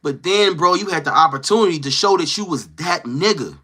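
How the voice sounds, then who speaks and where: A man hosting a casual livestream, talking to his chat in a slangy, animated way and acting out quoted lines. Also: on the high side, a little fast, husky. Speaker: livestream host. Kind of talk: casual livestream chat, reading viewer comments.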